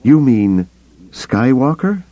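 A man's voice: mid-range voice, very animated, slow pace, warm tone, pitched above the performer's own voice. A man voicing a tense, defiant young woman smuggler in an audiobook reading, clipped and defiant. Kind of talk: audiobook character voice. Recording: dull lo-fi cassette tape.

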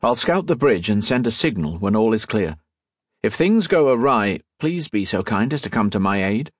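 A man voicing a calm young male infiltrator, earnest and polite. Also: fairly low pitch, moderate pace, breathy edge, no echo, clean studio sound.

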